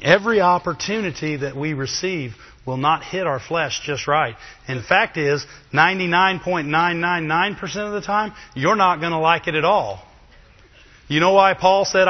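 A man preaching a sermon in a lively, chatty way, with asides to the congregation. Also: fairly high pitch. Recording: dull, long reverb of a hall.

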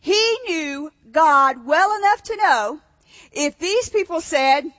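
A woman preaches with a high, bright voice, reading a story aloud and then putting questions to the listeners. Her voice carries a long echo through a large hall. The recording is muffled and dull. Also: animated, slow pace. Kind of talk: sermon reading scripture aloud.

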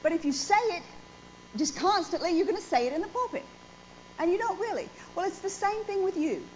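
A woman in her forties preaches a sermon in a church with a high voice, emphatic and full of questions thrown to the congregation. The recording is dull and lo-fi, with faint noise underneath. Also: expressive, fairly quick. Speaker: pastor.

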